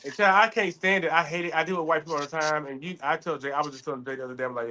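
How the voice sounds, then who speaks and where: A man chatting casually as a podcast co-host, telling animated stories full of cursing. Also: on the high side, very fast, hardly any pauses. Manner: animated storytelling, heavy cursing. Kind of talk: casual chat.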